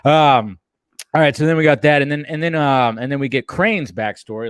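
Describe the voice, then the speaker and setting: Male podcast host, casual and animated, quick to laugh, dry close sound. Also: on the high side, clear, resonant tone, no echo. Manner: animated, laughs often while talking. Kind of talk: casual chat.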